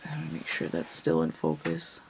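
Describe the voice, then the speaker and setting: A woman's voice: low voice, big pitch swings, normal speed, gravelly, noisy background. A tired, yawning woman reading tarot cards to a camera at home, musing aloud and meandering with restarts in a casual monologue. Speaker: tarot reader.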